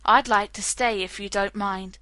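A woman's voice: medium pitch, fairly even intonation, moderate pace, sharp tone, no room sound, close to an everyday voice. A woman voicing a cocky young man, wry. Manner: wry, light, teasing. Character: breezy, self-assured young man playing detective.

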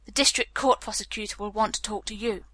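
A woman's voice: mid-range voice, steady tone, fast, sharp tone, breathy edge, dry recording. A woman voicing an angry male police captain who presses hard with blunt, demanding questions. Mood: stern.

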